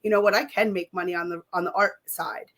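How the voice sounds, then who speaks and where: A woman in her forties, a guest in a casual interview, chatty and a little hoarse from a recent cold. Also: fairly low pitch, fairly even intonation, fast talker, a bit bright. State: slightly hoarse from a chest cold.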